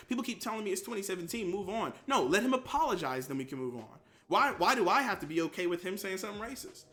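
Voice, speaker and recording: A man's voice: sits high, fast, few pauses. A young man streaming casually, reacting to and reading out his chat. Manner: animated, reads chat aloud. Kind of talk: casual live-stream commentary.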